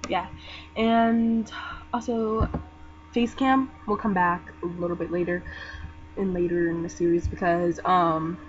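A young woman chatting casually over gameplay, soft-spoken and rambling, with lots of fillers. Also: fairly even intonation, a little slow, a little hiss or hum. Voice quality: soft-spoken, talks low. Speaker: gaming vlogger. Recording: dull lo-fi mic with game music. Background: game music.

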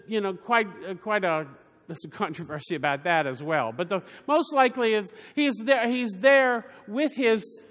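A man's voice: extremely high pitch, a bit bright. A man giving a homily as a preacher, rambling with frequent restarts and asides. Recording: long church reverb.

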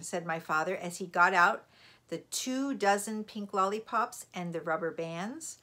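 A woman reading a children's chapter book aloud in an expressive storytelling voice. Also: mid-range voice, measured pace. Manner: expressive storytelling, lively intonation. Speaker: library read-aloud reader.

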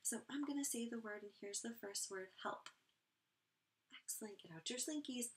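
A woman teaching a first grade phonics lesson online, encouraging and clearly sounding out each word for young children. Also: fairly high pitch, moderate pace.

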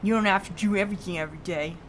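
A woman's voice: mid-range voice, racing, slight background noise. A woman streaming a game, chatting casually and reading the characters' lines aloud, swearing freely and laughing often. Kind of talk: casual let's-play commentary, voicing game dialogue.

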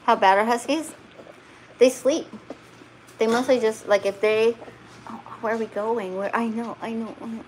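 A middle-aged husky breeder chats casually in a home vlog, sitting indoors by a couch while handling puppies and cooing at a wriggly one. Her slightly high, darkish voice is fairly even in intonation, at normal speed with frequent pauses, and she giggles often. The recording carries a little hiss or hum.

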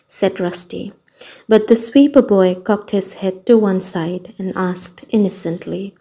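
Woman narrator for an audiobook, slow and measured, mellow voice. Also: mid-range voice, fairly even intonation. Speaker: storyteller. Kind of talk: audiobook reading. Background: soft ambient music.

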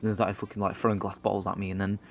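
A man's voice: lowish voice, level tone, very fast, creaky. A man, telling a rambling comic story full of swearing and self-mockery.

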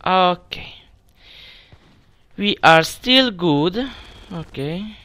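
Young male let's-player, easily startled, curses and stammers, slow, bright tone. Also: high-pitched, animated. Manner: jumpy, swears often, stammers when startled. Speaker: let's play gamer. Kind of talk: casual gameplay commentary.

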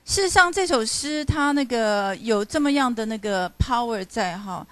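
Higher-voiced woman lecturing on poetry. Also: lively intonation, moderate pace, no room sound. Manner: explains and reads lines aloud to show stresses, checks with students. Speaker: literature professor. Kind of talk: classroom lecture mixing English and Mandarin. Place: university classroom.

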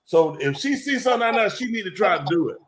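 A man's voice: sits high, animated, fast talker, a little hiss or hum. A man telling a rambling, slangy comic story to a live audience. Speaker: comedy show host.

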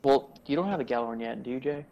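A man's voice: mid-range voice, fast, lo-fi sound, background noise. A man in casual gaming voice chat, ribbing his teammates over a headset.

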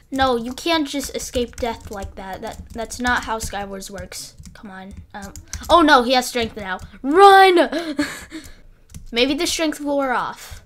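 A woman's voice: on the high side, expressive, slow pace, fairly bright tone. Flustered young woman gaming commentary. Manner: rambling, flustered, breaks off mid-sentence often. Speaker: gaming YouTuber. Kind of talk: live gameplay commentary.

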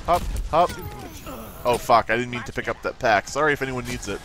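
A man streams a video game live, giving playful gameplay commentary full of swearing, giggling and nonsense humming to himself. He's a fast talker with a medium-pitched, steady tone. Loud game sound effects and voice lines play behind him.

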